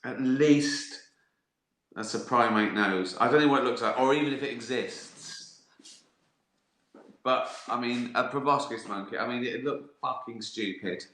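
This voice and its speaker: Guy on a livestream, swearing and laughing, roomy echo, middle pitch. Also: measured pace, a bit bright. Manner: sweary, laughing, riffing on absurd ideas. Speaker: livestream host answering viewer questions. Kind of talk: casual comic monologue. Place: indoor room, live stream.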